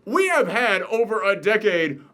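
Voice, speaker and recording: A man with a high, bright voice runs a casual movie review chat. His pitch swings wildly as he jokes and rants with emphasis. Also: a little slow. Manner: animated, joking, emphatic rants. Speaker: show host.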